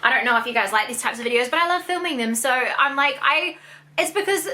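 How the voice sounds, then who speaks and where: A young woman in an unboxing vlog, gushing and excitable, swearing often as she opens gifts. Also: high-pitched, fast talker. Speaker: YouTuber.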